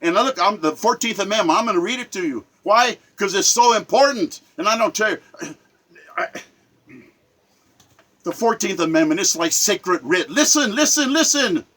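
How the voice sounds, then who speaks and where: A man's voice: high voice, normal speed, a bit bright, poor audio. A man delivering an impassioned political monologue, emphatic and repetitive, preaching to his viewers. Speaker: political commentator and poet.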